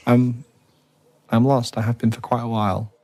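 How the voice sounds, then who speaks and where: A man's voice: mid-range voice, flat delivery, normal speed, darkish tone, voice pushed up, close to an everyday voice. A man voicing a scared, lost young male dragon who stammers and apologizes. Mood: timid.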